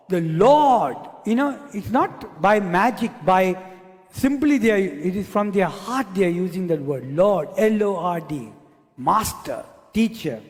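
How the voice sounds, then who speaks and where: A man's voice: sits high, a little mellow. A male pastor preaching a sermon who repeats key words again and again for emphasis. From Asia. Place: church hall. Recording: long church hall reverb.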